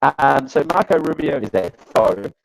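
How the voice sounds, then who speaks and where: A male host talks through casual commentary with a dry, sarcastic edge, wandering off and restarting his sentences. His voice has a gravelly fry to it, and he sounds close and dry with no room around him. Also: medium pitch, lively intonation, a little slow, no echo, poor audio. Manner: sarcastic, rambling, with frequent fillers and restarts. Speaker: show host.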